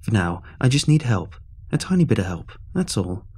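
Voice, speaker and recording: A man's voice: on the low side, big pitch swings, normal speed, mellow, slightly rough. A man voicing a chirpy, mocking young man trapped inside a beer can, who taunts and bosses the listener with sarcasm. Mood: bossy. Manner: taunting and bossy, snapping sarcastically.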